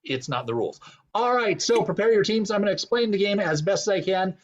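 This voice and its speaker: Guy hosting an online improv game, kinda rambly, high voice, dull lo-fi sound. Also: animated, brisk. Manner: rambling, many fillers. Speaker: improv show host.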